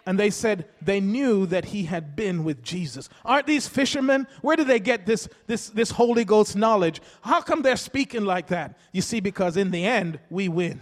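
A man preaching a rousing sermon in a church, repeating his points and building to loud, emphatic calls. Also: extremely high pitch, normal speed, hardly any pauses, big-room sound. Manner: rousing, repetitive call-and-response preaching.

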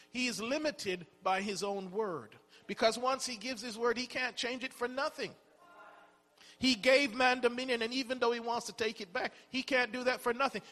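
A man's voice: very high voice, pushed and bright. A man preaching a sermon in a conversational way, asking rhetorical questions and often repeating words as he goes. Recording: long hall reverb.

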